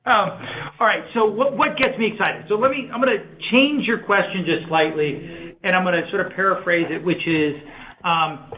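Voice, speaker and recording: A man's voice: sits high, moderate pace, lo-fi sound. A man, a company executive, answering analyst questions on an earnings call in an enthusiastic, conversational way with many fillers.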